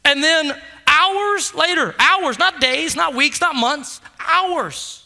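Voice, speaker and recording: A male pastor delivers an impassioned sermon in a high, very bright voice. He pushes forward with urgency, then sinks into hushed, intimate tones when he tells a story. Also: slow, gravelly.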